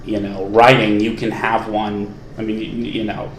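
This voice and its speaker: A young man co-hosting a casual podcast, making dry jokes with halting restarts, recorded on a cheap USB mic. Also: lowish voice, flat delivery. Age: young adult. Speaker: podcast co-host. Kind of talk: casual chat. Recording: echoey home room, faint hiss.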